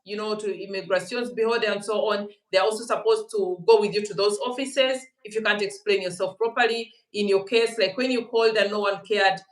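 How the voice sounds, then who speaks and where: A woman's voice: medium pitch, steady tone, brisk, hardly any pauses, reverberant, far from the mic, poor audio. A woman hosting a conversational interview, explaining at length and dropping in German words. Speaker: podcast host.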